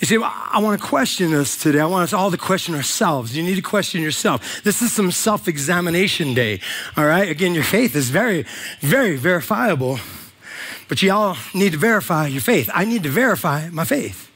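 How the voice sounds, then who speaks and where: Man, pastor, sermon, high voice, casual slangy delivery. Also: lively intonation, fairly quick, fairly bright tone, breathy edge.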